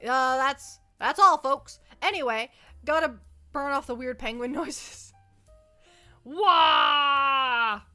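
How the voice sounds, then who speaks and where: A young woman streamer with a high, bright voice chats casually into a close mic, rambling and poking fun at herself. She often stumbles and repeats words mid-sentence. Faint music plays behind her. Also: measured pace. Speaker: VTuber streamer. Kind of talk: casual livestream chat. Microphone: close desk mic.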